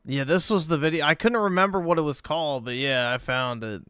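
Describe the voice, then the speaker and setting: A man's voice: a little high, a little fast, fairly bright tone, smooth, dry recording, studio quality. A man hosting a stream, making laid-back, offhand comments while watching videos. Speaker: streamer host reacting to videos.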